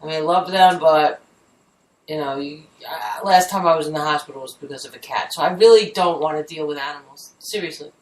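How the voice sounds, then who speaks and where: A woman's voice: low-pitched, brisk, a little mellow, recorded from a distance. A blunt, grumbling woman co-host talking casually and swearing freely. She sits back from the mic, so her voice rings in a roomy space. A faint hiss runs under it. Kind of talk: casual chat. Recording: echoey room, off-mic, faint noise.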